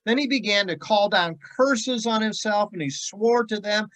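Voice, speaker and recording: A man's voice: sits high, moderate pace, hardly any pauses, fairly bright tone, rough recording. A man as a pastor giving an earnest devotional sermon and reading scripture, stressing points by repeating words. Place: church devotional video.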